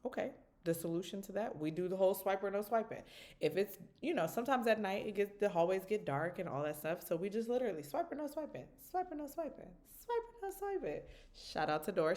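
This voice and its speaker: A woman vlogging casually to camera about parenting, talking with lots of animation and often checking in with "right?". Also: fast talker. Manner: animated, jumps into high voices quoting her daughter. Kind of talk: casual direct-to-camera vlog.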